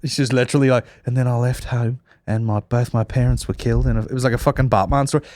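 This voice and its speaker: A man's voice: mid-range voice, steady tone, fast talker, a little mellow, dry recording. A young man hosting a comedy podcast, telling crude, rambling stories and mocking people in put-on voices. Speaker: podcast host.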